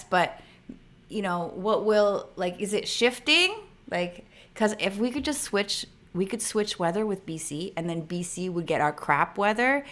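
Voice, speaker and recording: A woman's voice: on the low side, fairly bright tone. A woman from Canada hosting a casual live stream, thinking aloud and reading viewer comments. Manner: chatty, thinks aloud with fillers. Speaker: livestream host.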